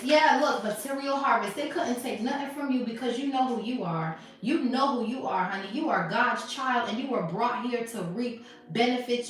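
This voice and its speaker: Sassy woman reading tarot live, kinda high voice, super echoey room far from the mic. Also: fairly bright tone. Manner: sassy, emphatic, laughing often. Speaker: tarot reader.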